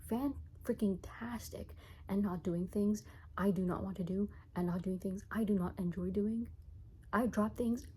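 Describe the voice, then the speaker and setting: A woman's voice: medium pitch, a little mellow, slight background noise, rough recording. A young woman vlogging in a rambling, self-mocking way, laughing often. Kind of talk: casual chat to camera.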